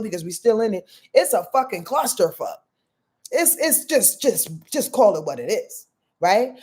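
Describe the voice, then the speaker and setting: Woman, astrologer, casual livestream talk, blunt and profane, mellow tone. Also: fairly high pitch. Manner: emphatic, profane, streetwise, calls out to the audience. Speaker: astrologer hosting a weekly livestream. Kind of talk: casual spiritual talk to a live audience.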